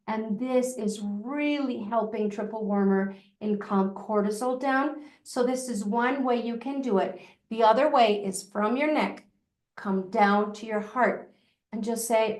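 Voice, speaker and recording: A woman guest teaching an energy technique, talking listeners through it step by step in a calm, reassuring way, often dropping to a soft murmur. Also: a little high. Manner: soothing, reassuring, slows to a soft murmur when guiding. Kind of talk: instructional demonstration. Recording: echoey room.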